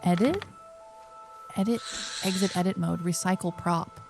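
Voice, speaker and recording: A young woman streaming a game, chatting playfully and reading on-screen prompts aloud in an excitable way. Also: on the low side, a little slow. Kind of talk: casual let's-play commentary. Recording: game music underneath.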